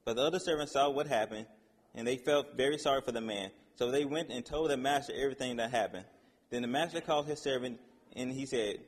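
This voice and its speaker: A man with a slightly husky voice preaches an informal sermon, reading scripture aloud in a casual, halting way. His voice carries a long reverb, as if he were recorded in a hall. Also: mid-range voice.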